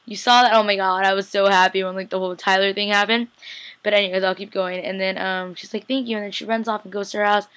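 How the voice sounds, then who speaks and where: A woman's voice: medium pitch, little pitch movement, fast, a bit bright. A young woman casually recapping a TV episode, chatty and slangy, acting out the characters' lines. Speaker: TV recap vlogger.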